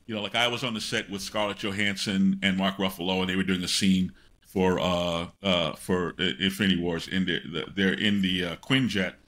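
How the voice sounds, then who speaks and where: Older male guest, animated anecdote-teller, bright tone, lots of fillers. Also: low-pitched, fairly quick. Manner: animated, rambling anecdotes with many fillers and self-interruptions. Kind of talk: storytelling in a podcast interview.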